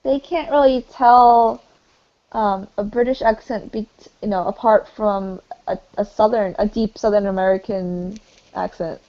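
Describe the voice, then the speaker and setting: A woman's voice: mid-range voice, fairly even intonation, unhurried, lo-fi sound. A woman in casual chat, mostly listening and giving brief replies, laughing easily.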